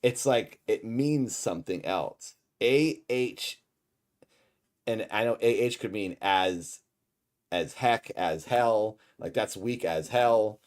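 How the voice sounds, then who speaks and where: A man hosting a livestream, rambling and joking while reading chat messages. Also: on the low side. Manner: rambling, jokey, reads chat aloud. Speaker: livestream host. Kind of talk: casual livestream chat, reacting to a show.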